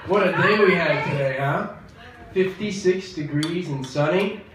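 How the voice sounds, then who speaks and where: A young man doing a stand-up comedy set in a comedy club, wry and self-deprecating, bursting into loud outbursts. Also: fairly high pitch, measured pace. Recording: echoey club from far off, crowd noise.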